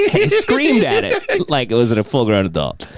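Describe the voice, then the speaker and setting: Male podcast host, crude and mocking, animated delivery, faint hiss. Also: mid-range voice, unhurried. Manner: loud, profane, mocking, jumps into bits. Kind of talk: crude comedic banter.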